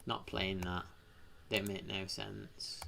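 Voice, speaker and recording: A British man chatting casually on a live stream. He rambles, thanks viewers from the chat, and breaks into sudden excited exclamations. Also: deep voice, takes it slowly, vocal fry, soft background music.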